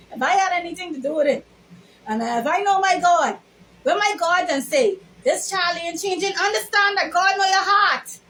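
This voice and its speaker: A woman's voice: very high-pitched, lively intonation, moderate pace, sharp tone, a little hiss or hum, poor audio. A Bahamian woman vlogger giving an emphatic, sermon-like storytelling monologue. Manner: emphatic, sermon-like, drawls words.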